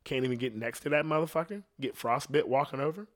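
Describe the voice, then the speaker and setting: A middle-aged man holds forth in a loose, profane rant, rambling from one story to the next. His voice sits at an ordinary middle pitch, and he drops into quick quoted voices as he tells it. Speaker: podcast host.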